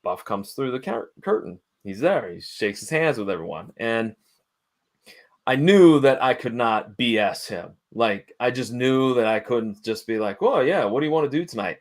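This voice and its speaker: A middle-aged man, a guest in an interview, telling a lively story in casual conversation and acting out the people he quotes. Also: medium pitch, unhurried. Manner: animated storyteller, acts out quoted dialogue. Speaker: interview guest, wrestling manager.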